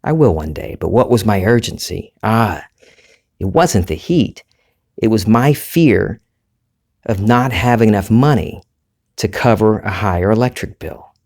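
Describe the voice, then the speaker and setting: Unhurried and low-voiced, a Southern US podcast host muses alone on mic in a reflective monologue. The delivery is laid-back and conversational, wandering a bit and full of self-corrections.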